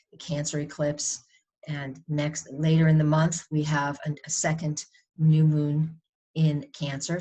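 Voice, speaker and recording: New england lady astrologer doing her weekly forecast, low voice, chatty and rambly, keeps restarting sentences. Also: a little mellow. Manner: conversational, rambling, frequent restarts.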